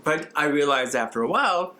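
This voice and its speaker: A man's voice: on the high side, expressive, a little fast, sharp tone. Giggly Texan man, raised voice. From Texas. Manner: giggly, campy, rambling. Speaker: podcast co-host. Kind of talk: casual chat.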